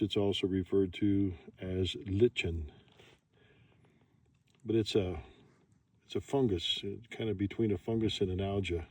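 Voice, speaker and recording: A man vlogging outdoors in the woods, musing slowly and philosophically as he walks. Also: on the low side, a little mellow, dry recording. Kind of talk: reflective outdoor vlog narration.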